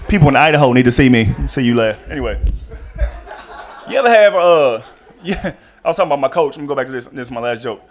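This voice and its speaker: Animated male stand-up comic. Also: fast talker. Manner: animated, jumps into loud high-pitched voices for characters. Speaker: stand-up comedian. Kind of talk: stand-up comedy set. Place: comedy club stage.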